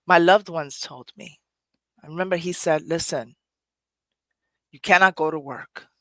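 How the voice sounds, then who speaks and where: A woman's voice: on the low side, a little slow, no room sound. A woman host with a New York Puerto Rican accent, telling a personal story emphatically and repeating phrases. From Puerto Rico. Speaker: poetry podcast host.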